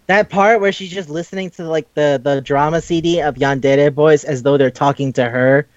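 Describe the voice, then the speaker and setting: A fairly high-voiced man talks through a cartoon plot in casual chat, swearing freely and acting out bits of dialogue. His voice sits a touch high. The recording is dry and a little dull. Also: moderate pace, dry recording. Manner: profane, animated retelling with quoted voices. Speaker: podcast co-host. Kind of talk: casual chat recapping an anime.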